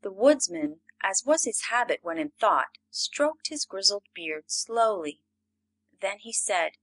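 A woman reading a classic storybook aloud as an audiobook narrator, measured and expressive. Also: medium pitch, poor audio.

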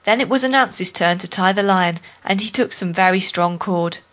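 Female storyteller, steady folk-tale reading. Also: medium pitch, moderate pace.

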